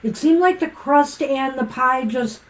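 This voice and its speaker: A woman co-hosting a live tarot stream, chatting casually and giving rambling, gently encouraging card readings. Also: high voice, measured pace, poor audio. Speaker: co-host and tarot reader.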